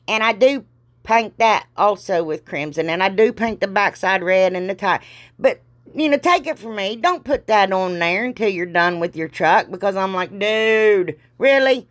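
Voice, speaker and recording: A woman with a drawl talks viewers through a craft project in a loose, rambling style. She pokes fun at her own mistakes as she goes. A sore throat makes her stop often to clear it. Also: mid-range voice, expressive, moderate pace, fairly bright tone. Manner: chatty, rambling, self-deprecating. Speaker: DIY crafter. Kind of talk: casual craft tutorial voice-over.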